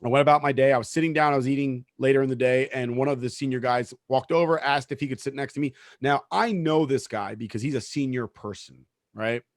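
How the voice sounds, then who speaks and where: A man's voice: mid-range voice, fast, no echo, studio quality. A man co-hosting a casual sports podcast, telling a story in an emphatic way and swearing freely. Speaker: podcast co-host; supervisor at work.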